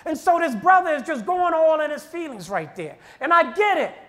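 A man minister preaching a sermon with fervent delivery and shouted repeated refrains. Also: extremely high pitch, sing-song, normal speed.

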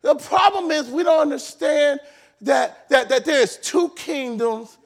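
A male pastor with an unusually high voice delivers a sermon in a church, shouting and hammering his points with repeated phrases. His tone is gravelly and he takes his time, drawing words out slowly. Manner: shouting, emphatic preaching with repetitions.

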